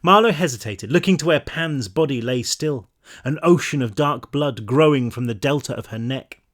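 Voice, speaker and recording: A man narrating his own novel in a measured reading, now and then dropping into relaxed asides to his listeners. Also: mid-range voice. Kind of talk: audiobook-style read-through.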